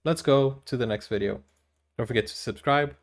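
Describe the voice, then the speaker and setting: Man, casual movie reaction host, chatty, laughs a lot, animated bursts. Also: mid-range voice, moderate pace. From Brazil. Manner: chatty, giggly, animated exclamations.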